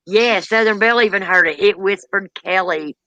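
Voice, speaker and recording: A host running a live spirit box session, asking questions in a calm, drawn-out way. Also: medium pitch, no echo, muffled recording. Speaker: paranormal stream host.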